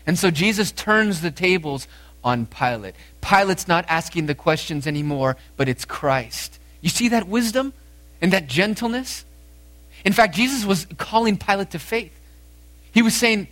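A man preaching a sermon, lively and animated, acting out the dialogue as he tells it. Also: fairly high pitch, moderate pace. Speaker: pastor.

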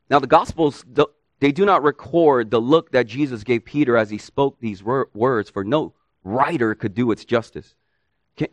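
A man's voice: a little high, no room sound. A male preacher giving an expository sermon, earnest and emphatic, often asking rhetorical questions.

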